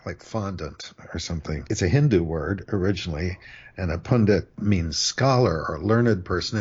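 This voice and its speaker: Husky deep-voiced older man. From United States. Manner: measured, dry wit, explanatory. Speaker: language expert, co-host. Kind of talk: casual podcast chat. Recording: dull lo-fi sound.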